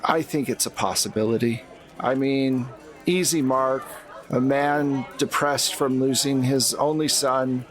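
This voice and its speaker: A man's voice: mid-range voice, steady tone, measured pace, lightly acted. A man voicing a shrewd old woman of seventy-two. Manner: wry, world-weary, haggling.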